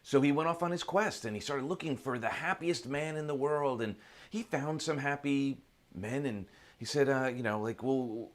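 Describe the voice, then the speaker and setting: A man's voice: mid-range voice, moderate pace. A man giving a conversational, reflective motivational talk built around a story. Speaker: motivational speaker.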